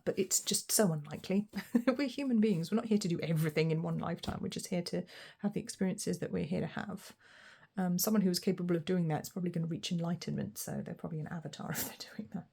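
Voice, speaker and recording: A woman's voice: on the low side, creaky, darkish tone, slightly rough. A woman giving a chatty, casual pick-a-card tarot reading, thinking aloud and laughing lightly as she goes. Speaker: tarot reader.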